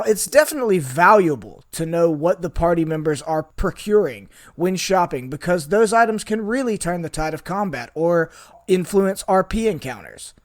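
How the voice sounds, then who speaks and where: Excited guy doing his podcast intro, kinda high voice, really bouncy and lively. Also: no echo, studio quality. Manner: upbeat, enthusiastic, chatty. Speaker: podcast host.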